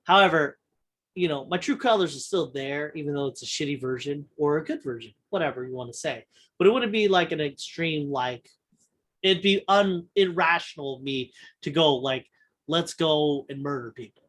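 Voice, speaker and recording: A male podcast host with a voice pitched a little above the usual, talking loosely and bluntly. He rambles through his story, doubling back and restarting his sentences and swearing freely in casual chat. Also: expressive, normal speed, a bit bright. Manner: profane and blunt.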